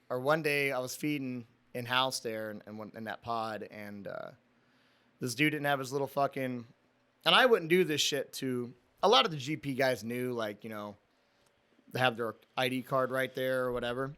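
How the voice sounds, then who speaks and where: This podcast guest, a young former prison officer, has a smooth, medium-pitched voice that sounds pushed and bright, and he speaks at a moderate pace. His casual story wanders, is full of swearing, and leans heavily on "dude".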